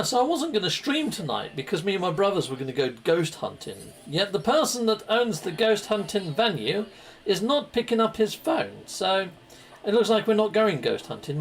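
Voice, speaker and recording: Gravelly, lively man streaming games. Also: high voice, a little hiss or hum. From United Kingdom. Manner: chatty and playful, with goofy exclamations. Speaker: gaming live streamer. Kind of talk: live game commentary chatting with viewers.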